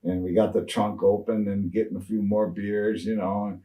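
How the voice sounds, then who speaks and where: A man's voice: on the low side, little pitch movement, moderate pace, dark tone, distant mic, rough recording. A man in his sixties, a retired wrestler, rambling through road stories in a shoot interview with lots of fillers and restarts.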